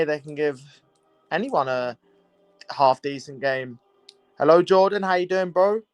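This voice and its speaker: Hosting a livestream football watchalong, this young man chats loosely, says hello to viewers and repeats things. He has a fairly bright, smooth, higher-pitched voice, recorded with no echo.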